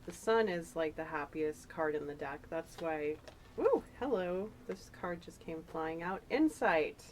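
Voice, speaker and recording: A woman's voice: deep voice, normal speed, a little hiss or hum, poor audio. Chatty woman giving a tarot reading. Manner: chatty, emotional, rambling with fillers. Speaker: tarot reader. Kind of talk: casual spiritual tarot reading.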